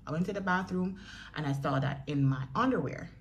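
A woman's voice: sits low, a little fast, highs cut off. A young Jamaican woman in a chatty storytelling vlog who speaks straight to her viewers. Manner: chatty, addresses viewers directly, acts out quoted voices. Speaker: vlogger.

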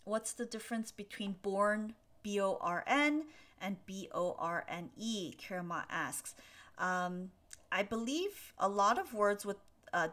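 A young woman teaches English on a live stream, reading out viewers' questions and answering them one by one. She speaks slowly and patiently, and her pitch sits in an ordinary middle range. Her delivery is gentle and full of small ums as she works through the chat.

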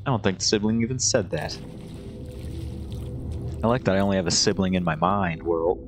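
Sarcastic gamer man with a low voice. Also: brisk, music in the background. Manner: casual, sarcastic, swearing. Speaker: let's play gamer. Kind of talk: gameplay commentary.

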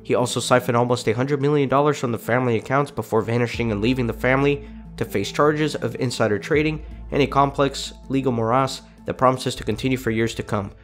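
A man's voice: medium pitch, fairly even intonation, quick pace, faint music behind. A congested man with a cold, hosting a gaming video and chatting casually while reading game text aloud. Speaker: gaming channel host.

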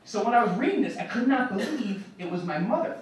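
Man, stand-up comedian, high voice, animated storytelling, echoey small bar, far camera, loud noise. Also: quick pace. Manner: animated storytelling, puts on gruff voices for his father and mother.

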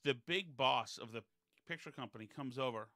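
A man with a bright, forceful voice tells loose, wandering stories in a relaxed podcast chat. He is recorded close and dry, with no room sound. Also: mid-range voice, normal speed, no room sound. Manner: digressive, chatty anecdote-telling.

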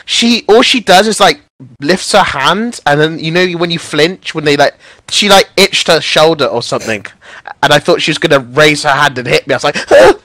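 A man streaming games, brash, excitable and swearing a lot. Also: fairly high pitch, normal speed, no room sound. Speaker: game streamer. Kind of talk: casual livestream chat.

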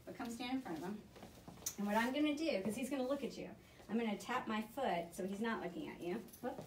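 A woman dog trainer giving brisk, encouraging hands-on coaching to a student. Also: a little high, a little hiss or hum. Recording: echoey room, mic at a distance.

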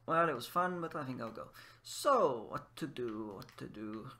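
Lively, bright-voiced man teaching while gaming. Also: medium pitch, normal speed. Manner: switches between Japanese phrases and English explanations, musing aloud. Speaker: language teacher playing a game. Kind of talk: casual gameplay commentary teaching Japanese.

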